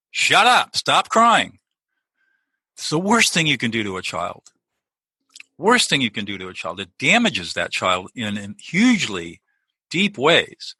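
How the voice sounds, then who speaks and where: A man's voice: mid-range voice, bright, forceful tone, slightly rough, no room sound, poor audio. A middle-aged man, a lawyer turned peacemaker, explaining his ideas earnestly as a guest in a conversational interview, often restarting his sentences.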